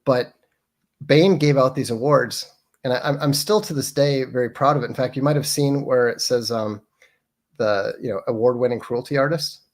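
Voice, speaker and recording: A man with a mid-pitched voice talks as a podcast guest. His delivery is halting and wry, full of pauses, fillers and restarts. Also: darkish tone. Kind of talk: casual interview chat.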